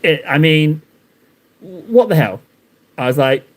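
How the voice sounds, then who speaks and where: A man's voice: on the high side, animated, takes it slowly, long pauses. Rambling man streaming his painting. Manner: rambling, self-mocking, talks to chat while painting. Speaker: live streamer painting miniatures. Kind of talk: casual live-stream chat.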